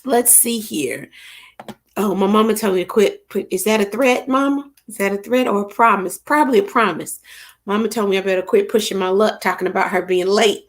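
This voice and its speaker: A middle-aged woman, hosting a casual live stream and chatting with viewers by name. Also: medium pitch. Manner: lively, chatty, greets viewers by name, Southern church expressions. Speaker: livestream host.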